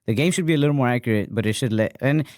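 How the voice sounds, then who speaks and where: A man's voice: medium pitch, rapid-fire, darkish tone, dry recording. Man, comedy podcast co-host, casual banter, profane, dry room. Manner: loose, profane, riffing banter.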